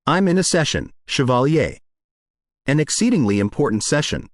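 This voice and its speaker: A man's voice: a little high, big pitch swings, moderate pace, no room sound, clean studio sound. A man reading as a firm woman therapist. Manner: firm, guarded. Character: firm adult woman therapist guarding her rules.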